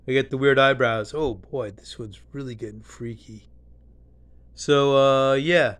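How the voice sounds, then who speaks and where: A man's voice: medium pitch, a little slow, a bit bright. A man ranting casually to his phone camera, blunt and profane, losing his thread and picking it back up. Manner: blunt, profane, complaining, drifts off track. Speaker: vlogger in a nursing home.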